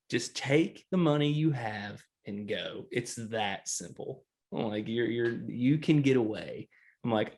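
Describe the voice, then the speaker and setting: A man's voice: mid-range voice, vocal fry. A man, co-hosting a casual chat and rambling through a story, laughing often. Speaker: podcast co-host.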